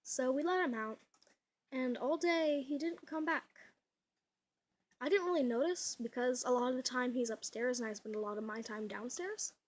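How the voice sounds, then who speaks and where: A young woman chats into her camera at home, rambling through fillers and little laughs. Her voice is slightly high and breathy, and she admits it sounds a little off today. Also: moderate pace. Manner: chatty, giggly, rambling with many fillers. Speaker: vlogger. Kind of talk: casual home vlog. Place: at home indoors. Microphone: camera mic.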